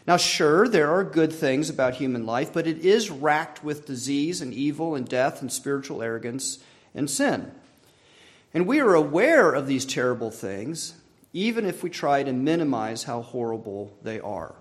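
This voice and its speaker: A man preaching a sermon from the pulpit. He speaks earnestly and at a measured pace, lifting his voice to stress a point and letting phrases fall away softly at the end. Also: a little high, expressive. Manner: earnest, measured preaching with rising emphasis and soft trailing ends. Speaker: pastor.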